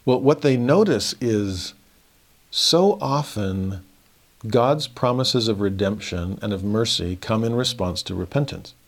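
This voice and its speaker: A middle-aged man giving an earnest scripture commentary, reading verses slowly and telling a family story. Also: fairly low pitch, animated. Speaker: scripture teacher.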